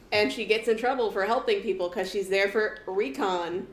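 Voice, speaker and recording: A woman's voice: mid-range voice, moderate pace. A young woman co-hosting a podcast, chatting casually and giggling while watching a film, with lots of fillers. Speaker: podcast co-host. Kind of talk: casual watch-along chat. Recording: roomy echo.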